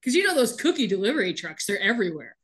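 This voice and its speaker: At medium pitch and a fast clip, a woman co-hosting a casual podcast retells a TV episode with great animation and frequent laughter. Her voice is a bit bright.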